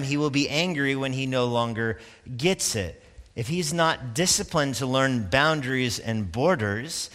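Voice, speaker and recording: A man preaching a sermon, talking to the congregation in a loose, conversational way with quick asides. His voice is bright and forceful. It rings out with a long reverb, as in a big hall. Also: a little high. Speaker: pastor.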